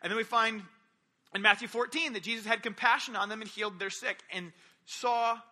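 A man's voice: sits high, steady tone, a little fast, bright, forceful tone. A young man preaching a sermon, retelling stories animatedly and acting out the quotes.

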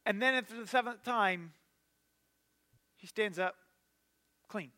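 A pastor tells the story with casual, animated energy, dropping plenty of fillers as he goes. His voice sits very high for a man. It sounds bright and forward. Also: slow pace. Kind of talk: sermon storytelling.

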